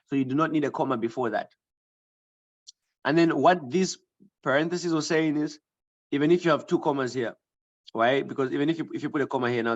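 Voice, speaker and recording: A man's voice: medium pitch, dull audio. A man teaching a writing lesson, thinking aloud with fillers and restarts and often checking in with the class. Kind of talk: online grammar lesson.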